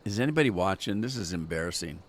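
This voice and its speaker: A man's voice: deep voice, expressive, quick pace, a little hiss or hum. A man giving casual gameplay commentary, full of joking and squeamish asides. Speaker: gameplay channel host.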